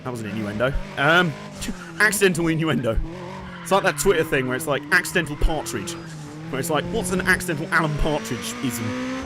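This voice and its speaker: A man's voice: on the high side, lively intonation, brisk. A man giving jokey, sweary live commentary over a racing game he streams, laughing often. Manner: joking, sweary, laughs a lot. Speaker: let's play streamer. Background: racing game music and engine noise.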